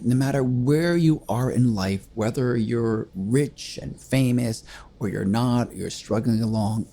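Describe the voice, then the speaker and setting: An older man with a gravelly, husky voice and a dark, mellow tone hosts a reflective monologue. He speaks earnestly and conversationally, a grieving widower who retells everyday anecdotes. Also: medium pitch. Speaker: host.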